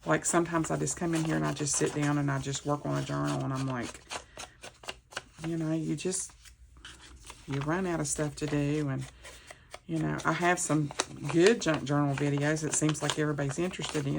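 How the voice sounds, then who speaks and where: A woman's voice: low-pitched, steady tone, moderate pace, creaky, noisy background. A woman vlogger chatting casually in her home office, rambling and talking through each step as she crafts. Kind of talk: casual chat while crafting.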